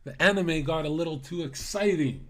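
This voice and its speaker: On a livestream, a young man with a slightly high voice rants crudely at a moderate pace, mocking his viewers. He swings between loud outbursts and muttered asides.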